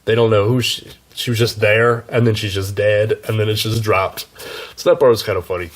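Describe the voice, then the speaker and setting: A man's voice: on the low side, steady tone, a little fast. A man reviewing books in a casual, chatty way, with wry asides and frequent self-corrections. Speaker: book reviewer. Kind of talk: casual book review talk.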